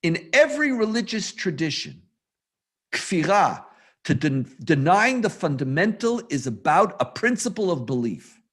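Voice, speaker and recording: A man who is a rabbi, giving a humorous storytelling lecture over a video call in an animated, self-mocking way. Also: a little high, unhurried, slightly rough.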